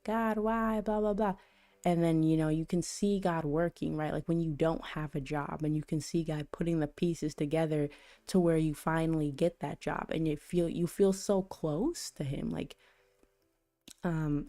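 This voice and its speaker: A woman's voice: sits low, mellow. A woman hosting a stream and sharing a casual faith reflection. She rambles conversationally, full of "you know" and "like", and laughs at her own stories. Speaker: channel host.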